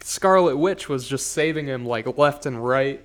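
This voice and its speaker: A man's voice: mid-range voice, a little slow. A man griping about a movie in casual chat.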